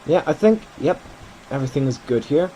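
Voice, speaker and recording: A man's voice: fairly high pitch, lively intonation, a little fast, dark tone, a little hiss or hum, low-quality recording. A man giving casual commentary while playing a flight simulator, thinking aloud and correcting himself as he goes.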